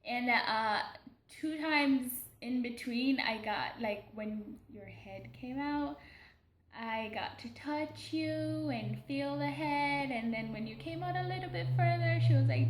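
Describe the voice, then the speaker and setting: A young woman recording a personal video diary for her daughter, talking in an emotional, hesitant way with many pauses and restarts. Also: high-pitched, reverberant, a little hiss or hum. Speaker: mother keeping a video diary.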